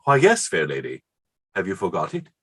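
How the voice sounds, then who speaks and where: A man reading the part of an excitable, word-smitten Elizabethan poet in a staged play reading, rhapsodic and quick to laugh. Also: low-pitched, breathy edge, full character voice. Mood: rapturous.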